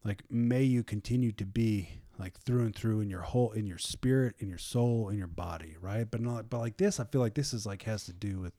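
A man with a low, mellow voice leads a casual Bible study. He reads scripture slowly and retells stories with animated voices for the figures. The sound is dry and close. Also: no echo. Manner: animated, acts out biblical figures in casual speech.

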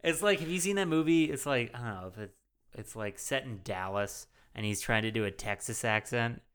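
A man co-hosting a casual movie podcast, rambling and animated, with lots of swearing and fillers. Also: medium pitch, brisk, clean tone. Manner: rambling and animated, heavy profanity, many fillers. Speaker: podcast co-host.

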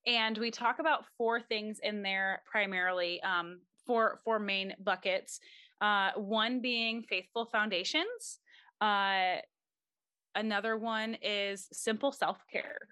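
A woman's voice: mid-range voice, slow, pushed and bright, clear, resonant tone, no room sound, studio quality. A young woman, a mom, giving earnest and encouraging faith-based advice as a podcast guest. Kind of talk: casual interview talk.

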